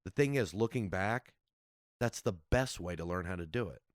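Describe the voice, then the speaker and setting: A comedian guest telling road stories in a casual, animated way, acting out other people's voices. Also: male voice, sits low, normal speed, no echo, studio quality. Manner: animated, acts out voices in his anecdotes. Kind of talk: casual storytelling.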